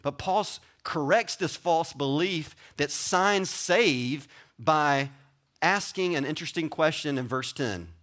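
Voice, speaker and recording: A pastor preaches at a slow pace in a slightly high voice, conversational and animated, throwing in asides to the congregation.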